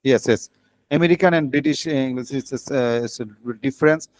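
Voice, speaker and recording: A man learning English, talking in a casual practice chat, halting with many fillers. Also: medium pitch, a little mellow, dry recording.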